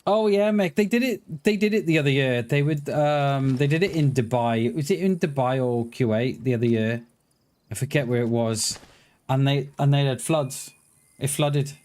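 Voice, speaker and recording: A man streaming a survival game and talking to his chat in an excitable, rambling way. He curses freely, stutters and restarts sentences, and his voice sits in an ordinary middle register. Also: mid-range voice, normal speed. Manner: excitable, stutters and restarts, swears casually, chats to viewers. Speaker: livestreamer. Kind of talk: casual live-stream chat while gaming.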